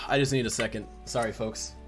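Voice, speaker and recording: A man's voice: medium pitch, fairly even intonation, moderate pace, fairly bright tone, soft background music. A man hosting a casual livestream as a comic creator, chatty and rambling, full of restarts.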